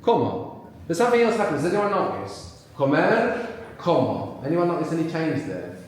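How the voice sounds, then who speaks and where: A man leading a live workshop, prompting the audience with questions and explaining in quick bursts. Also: on the high side, huge pitch swings, a little hiss or hum. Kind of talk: live classroom teaching. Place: large room with a live audience. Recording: very echoey room.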